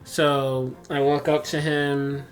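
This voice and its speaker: A man's voice: on the high side, level tone, takes it slowly, soft background music. Laid-back, cursing man playing a tabletop game. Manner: laid-back, swears freely, hesitant with fillers. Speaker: player. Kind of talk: casual chat while playing a tabletop game.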